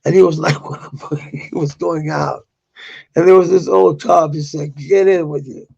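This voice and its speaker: A man's voice: fairly high pitch, fairly even intonation, unhurried, gravelly, darkish tone, husky, highs cut off. A middle-aged man telling a personal story in a rambling, profane way, with bitter outbursts.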